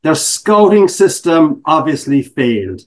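A man's voice: on the high side, sing-song, measured pace. A middle-aged man from Ireland with an Irish accent, a guest speaker telling stories in a casual interview with self-mocking humor.

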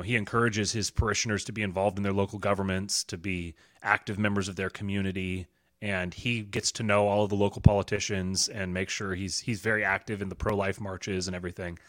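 A man, a podcast guest, telling a story in casual chat, earnest and halting with many restarts. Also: on the low side, fairly bright tone, no room sound, clean studio sound.

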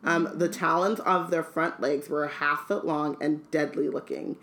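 Low-voiced woman cohost, reads a chapter then chats, laughs a lot. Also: steady tone, moderate pace, fairly bright tone. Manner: chatty, laughs often, fillers. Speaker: podcast co-host. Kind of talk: casual chat and reading aloud.

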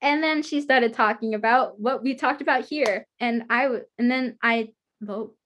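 A woman with a high, bright-toned voice hosts a casual interview over a video call. She talks in a chatty, rambling way and giggles often. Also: normal speed, slight background noise. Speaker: guest host interviewer. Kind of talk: casual chat.

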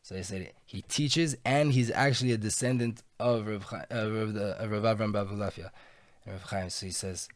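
Animated young man, dry close sound. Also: on the low side, dry recording. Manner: animated, talks fast with many fillers. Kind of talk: casual storytelling chat.

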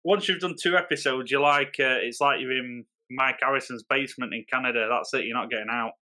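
A man co-hosting a podcast over a video call, bantering and joking with loud laughs. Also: medium pitch, steady tone, brisk. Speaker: podcast co-host. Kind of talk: casual banter.

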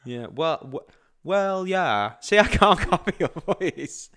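A man's voice: on the high side, expressive, slow, a bit bright. A British man co-hosting a podcast, joking and teasing in casual comedy chat. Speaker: podcast co-host.

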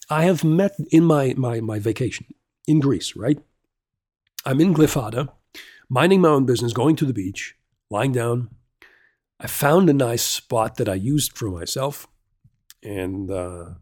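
A man's voice: mid-range voice, a little mellow, no echo, clean studio sound. A man hosting a casual solo podcast, rambling through a story with lots of restarts, fillers and swearing. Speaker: podcast host.

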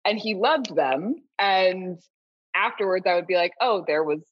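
A woman's voice: lowish voice, animated, a little slow. A woman guest telling stories in casual interview chat, in a chatty, self-deprecating way. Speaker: guest, food writer. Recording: dull, dry lo-fi sound.

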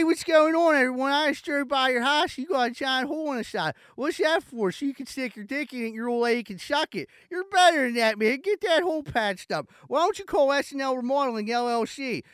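A man with a Pittsburgh accent voicing a brash, vulgar ad pitchman in a raised, high voice. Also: a bit bright, smooth, dry recording. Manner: hard-sell, vulgar, punchy. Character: brash male ad pitchman, crude and loud.

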